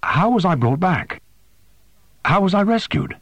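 A man voicing a bewildered, hoarse man who has just been brought back to life. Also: sits high, very animated, measured pace, dry recording, dull audio, voice pushed up, full character voice. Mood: dazed, hoarse. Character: weakened young man just revived, bewildered. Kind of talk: audiobook character voice.

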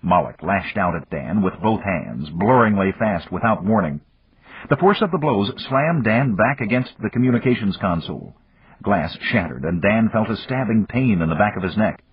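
A man reading an action novel aloud in an expressive storytelling manner, with a husky voice. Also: on the low side, normal speed, no echo. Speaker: audiobook narrator. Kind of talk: scripted narration. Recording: dull lo-fi dry recording.

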